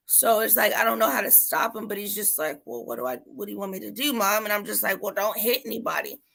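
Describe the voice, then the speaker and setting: A mother in casual chat, telling an animated story and acting out her son's voice. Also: mid-range voice, fast, gravelly.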